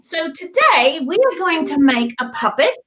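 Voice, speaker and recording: A woman's voice: very high-pitched, big pitch swings, normal speed, a bit bright, rough recording. A middle-aged woman hosting a children's storytime and craft lesson in character, talking in a coaxing, sing-song way to small children.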